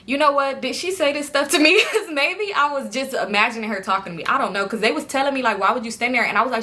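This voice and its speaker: A young woman tells her viewers a rambling storytime, full of slang and giggles. Her voice sits a little high and rings bright and forward. She keeps it loose and conversational, addressing the audience as y'all. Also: fast talker. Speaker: vlogger telling a storytime.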